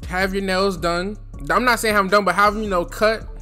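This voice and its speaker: A man's voice: high-pitched, fairly even intonation, a little fast, bright, forceful tone, faint music behind. A young man from New Jersey giving casual advice in a loose, slangy, chatty way, speaking from his throat.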